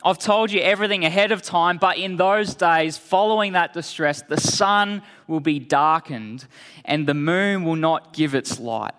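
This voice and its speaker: Male preacher, bright high voice, unhurried solemn delivery, church hall. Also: smooth. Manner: slow, deliberate preaching that drops low and quiet for solemn lines. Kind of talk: sermon. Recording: long hall reverb.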